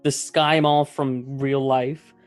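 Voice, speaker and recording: A man hosting a casual tabletop gaming chat, explaining ideas in a relaxed way with fillers. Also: medium pitch, slow pace, faint music behind. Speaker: podcast host.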